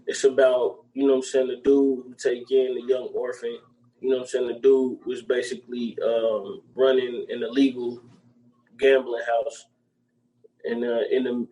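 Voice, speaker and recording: A man's voice: medium pitch, dark tone, low-quality recording. A man co-hosting a podcast in casual chat, rambling and full of slang and repeated filler phrases. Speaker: podcast co-host.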